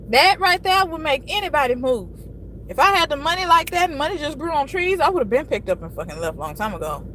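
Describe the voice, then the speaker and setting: Brief: high-voiced woman, thirties, exasperated casual live-stream rant, faint background noise. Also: lively intonation, fast talker, a bit bright, rough recording. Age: 30s. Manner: frustrated, venting, frequent cursing.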